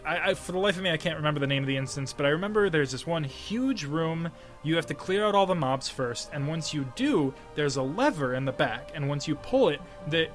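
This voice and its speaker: A young man co-hosting a casual gaming podcast, telling stories in an animated way, acting out what people said and laughing often. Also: a little high. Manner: animated storyteller, acts out quotes with a raised voice, laughs often. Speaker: podcast co-host.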